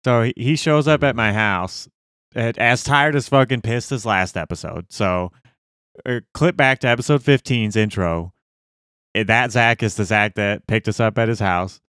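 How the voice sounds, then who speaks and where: A man's voice: fairly low pitch, moderate pace, a bit bright, clean tone, dry recording, studio quality. A man co-hosting a podcast, telling a road trip story animatedly and quoting others. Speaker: podcast co-host.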